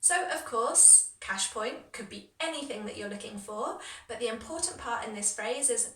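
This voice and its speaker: A woman leads an English lesson in a bright, slightly high voice, modeling each phrase with clear, exaggerated rises in pitch for learners to repeat. She keeps up a stream of encouragement between the examples. The recording sounds echoey, with her voice set back from the microphone. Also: lively intonation, moderate pace. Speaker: English teacher. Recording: echoey room from a distance.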